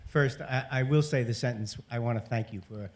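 A man's voice: medium pitch, a little fast. A man who is a lawyer asking a long, formal question from an audience microphone, with hesitant restarts.

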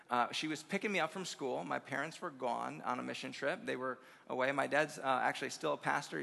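A young adult man, a pastor, telling a funny story as part of a lively sermon to a conference crowd. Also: medium pitch, creaky. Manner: animated, humorous, speeds up as the jokes build. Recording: long reverb of a large hall.

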